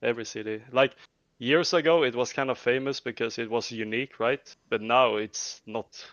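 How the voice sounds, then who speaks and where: A man with a Swedish accent talking in a casual voice-chat debate, halting and repeating words in a low-key way. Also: a bit bright, no echo. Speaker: debate participant. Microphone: headset or desk mic on voice chat. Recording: dull dry voice-chat audio.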